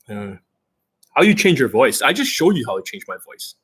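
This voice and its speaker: A man's voice: mid-range voice, a bit bright, slightly rough. A man hosting an unscripted coaching Q&A, talking in a blunt, aggressive and profane way. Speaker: dating coach host.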